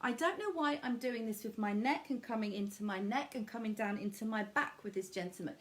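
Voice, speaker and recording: Woman medium, tender and intimate live-stream delivery, voice sitting a little high. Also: brisk. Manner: soothing, intimate, many endearments. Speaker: medium giving readings. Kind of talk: live-streamed psychic reading.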